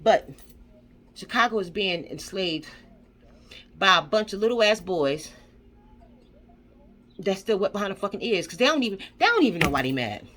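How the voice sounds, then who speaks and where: A woman's voice: medium pitch, sing-song, moderate pace, pauses often, a bit bright, a little hiss or hum. A woman vlogger ranting angrily, swearing and firing off rhetorical questions with lots of repetition. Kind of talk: angry commentary rant.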